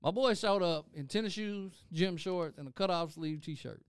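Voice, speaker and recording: A man's voice: high voice, normal speed, clear, resonant tone. A young man telling a story in a casual chat, acting out quotes and swearing freely.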